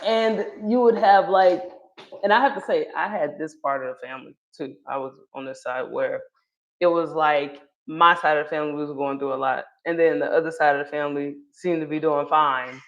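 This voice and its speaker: A woman's voice: sits low, moderate pace, muffled recording. A woman in her thirties giving casual commentary on a clip, talking in a chatty way with many fillers and frequent laughs. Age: 30s. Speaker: vlogger reacting to a clip.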